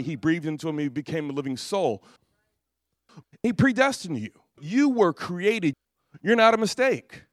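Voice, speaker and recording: A man with a high voice preaches a lively sermon, telling stories and acting out the voices of the people in them. He laughs at his own jokes as he goes. The sound is dry and close, with no room echo. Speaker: pastor.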